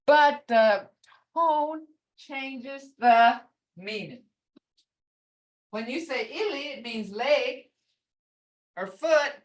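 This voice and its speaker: An older woman teaching a beginner language class over a video call, speaking slowly and patiently, often chuckling as she repeats each word. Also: on the high side, fairly bright tone. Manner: slow, patient, repeats words to model sounds; chuckles often while explaining.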